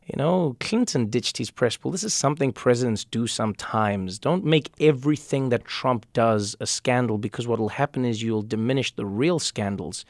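Gravelly-voiced man in a dry studio. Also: medium pitch, dry recording. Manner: animated storyteller, quick, with frequent restarts. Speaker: comedian and talk show host, interview guest. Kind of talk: relaxed conversational interview.

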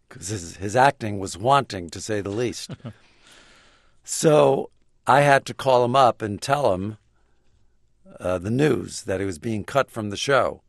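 A man's voice: on the low side, a little slow, creaky, no room sound, clean studio sound. An older man, a guest comedy writer and actor, telling wry interview anecdotes with chuckles and acted-out quotes. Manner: wry, chuckling storyteller who acts out the quotes.

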